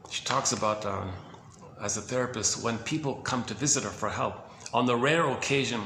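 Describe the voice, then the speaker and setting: A man casually talking through quotes, meandering and correcting himself as he goes, with soft chuckles. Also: medium pitch, normal speed, gravelly. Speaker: host presenting quotes. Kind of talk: casual rambling talk. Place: indoor room. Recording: echoey room with background noise.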